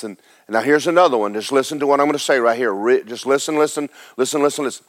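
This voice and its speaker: A man's voice: medium pitch, fast. Conversational male preacher, repeats himself. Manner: conversational preaching with repetitions and rhetorical questions. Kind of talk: sermon.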